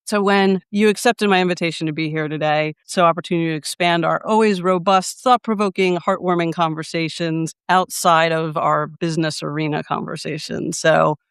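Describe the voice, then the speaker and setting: A woman's voice: deep voice, steady tone, moderate pace, few pauses, clear, resonant tone, no echo, clean studio sound. A woman hosting a podcast interview, upbeat and affirming as she introduces and chats with her guest. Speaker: podcast host.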